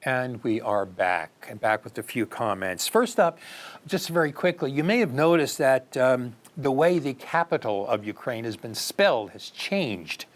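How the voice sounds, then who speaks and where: A man's voice: medium pitch, animated, a little slow. Earnest male political commentator. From United States. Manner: earnest, rhetorical questions, emphatic rises. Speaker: news commentary host.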